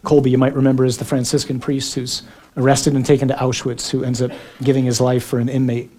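A man preaching a sermon, shifting between quiet reflection and acted-out shouted dialogue, with dramatic pauses. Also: medium pitch, flat delivery.

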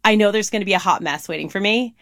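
A woman's voice: medium pitch, quick pace, a bit bright, no room sound. A woman co-hosting a podcast, breaking in to stress a point to her listeners in an emphatic, encouraging way, and telling an everyday story from home. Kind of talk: conversational podcast chat.

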